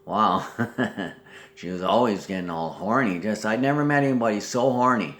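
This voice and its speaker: A man's voice: lowish voice, moderate pace, fairly bright tone. A man in a rambling spoken monologue, swearing and jumping between topics while talking to absent relatives. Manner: talks to absent relatives as if present.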